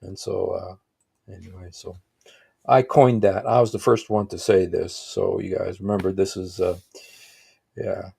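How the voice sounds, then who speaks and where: Man, livestream host, rambling reaction commentary, husky low voice. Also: steady tone, a little slow, warm tone. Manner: rambling, with frequent exclaimed asides. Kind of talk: casual live reaction commentary.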